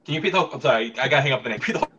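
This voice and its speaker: A man's voice: medium pitch, expressive, very fast, dull audio, background noise. A man competing in a trivia quiz, thinking aloud as he hunts for answers. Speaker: trivia contestant.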